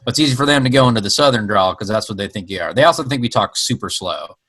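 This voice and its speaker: Lively man with a bright voice. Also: lowish voice, racing, husky. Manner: lively, explanatory. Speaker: comedian guest. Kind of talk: casual podcast chat.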